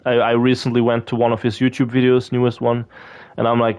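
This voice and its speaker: A man's voice: medium pitch, monotone, brisk, darkish tone, clean tone. A man chatting casually while he plays a video game, rambling and swearing with lots of fillers and restarts. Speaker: gaming video creator. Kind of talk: casual gameplay commentary.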